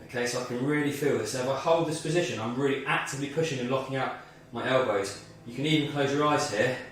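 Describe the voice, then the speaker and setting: A man's voice: medium pitch, fast talker, a bit bright, very echoey, distant mic, slight background noise. A man leading a guided movement and mindfulness workout as a fitness instructor, slightly out of breath, talking through each move step by step. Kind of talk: guided exercise class.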